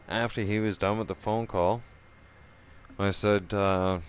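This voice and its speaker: A man's voice: sits low, moderate pace, slight background noise. A man telling a profane personal story in casual style, acting out the voices as he goes. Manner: profane, animated, acts out every voice himself.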